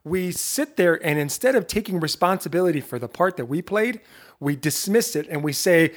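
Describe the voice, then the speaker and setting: A middle-aged man hosting his own podcast, giving a lively motivational talk straight to his listeners, full of rhetorical questions and self-interruptions. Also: fairly high pitch, moderate pace. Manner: self-interrupting, laughs at himself. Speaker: podcast host.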